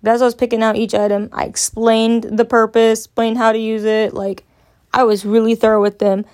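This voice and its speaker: A woman's voice: on the high side, level tone, brisk, darkish tone. A young woman telling a casual, rambling story, full of "like" and loose swearing. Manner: rambling, filler-heavy, frequent "like". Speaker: podcast host.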